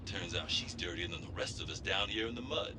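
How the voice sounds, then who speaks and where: An actor playing a gossipy radio call-in host in a video game. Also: male voice, low-pitched, a little fast, background noise, close to an everyday voice. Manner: gossipy, lively talk-radio delivery.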